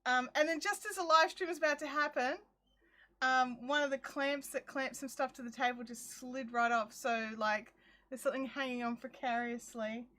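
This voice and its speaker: A woman tells a funny story to her livestream viewers from her craft shed, acting out what everyone said. Her voice sits high and sounds bright and forward. She talks casually and chattily through a phone. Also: normal speed. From Australia. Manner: chatty and animated, acts out her own quotes.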